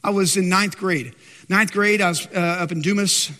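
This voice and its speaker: High-voiced preacher swinging from loud to hushed. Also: male voice, normal speed, in a large hall. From Texas, USA. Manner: rises loud and high on questions, drops soft for stories. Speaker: pastor. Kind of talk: sermon.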